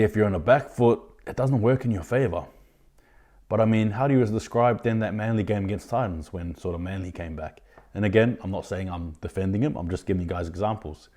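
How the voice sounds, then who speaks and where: Ranting man, low voice, sudden outbursts. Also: mellow. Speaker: podcast host. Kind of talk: opinionated sports commentary.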